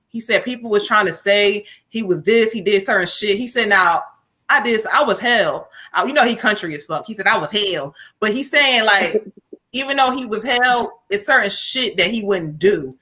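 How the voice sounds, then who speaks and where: Bright-voiced woman medium, slangy and profane. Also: medium pitch. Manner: slangy and profane, relays a spirit's words in lively bursts. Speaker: psychic medium giving live readings. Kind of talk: casual live-stream reading.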